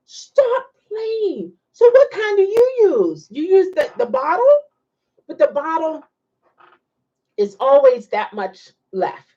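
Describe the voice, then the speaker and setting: A woman's voice: high voice, big pitch swings, unhurried, long pauses, warm tone, highs cut off. A woman hosting a casual livestream, chatting and reacting to viewer comments with frequent laughs. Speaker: livestream host.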